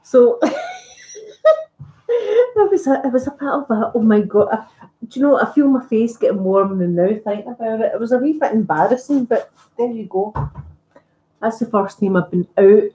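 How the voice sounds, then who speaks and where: Scottish woman, ASMR creator doing casual live-stream chat while ironing, warm relaxed tone, echoey room. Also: a little high, normal speed. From Scotland. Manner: chatty, rambling, self-deprecating. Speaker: ASMR YouTuber. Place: at home, ironing.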